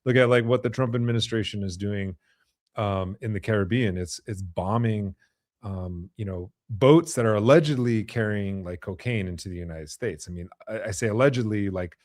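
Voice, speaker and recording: A man's voice: fairly low pitch, normal speed, darkish tone, dry recording, studio quality. A man hosting a podcast interview, talking thoughtfully with many fillers and restarts. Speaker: podcast host. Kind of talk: conversational interview.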